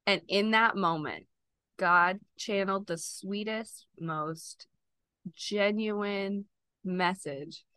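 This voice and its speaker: Earnest woman near tears, bright voice. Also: mid-range voice, takes it slowly, clear, resonant tone, no echo, clean studio sound. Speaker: podcast guest. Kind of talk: emotional personal testimony.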